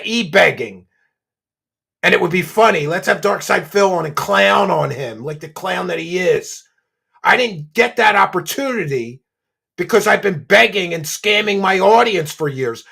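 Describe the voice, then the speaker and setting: Gravelly, husky man ranting mockingly. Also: high-pitched, animated, normal speed. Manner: mocking, swings between muttering and shouting. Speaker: commentary show host. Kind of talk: ranting reaction commentary.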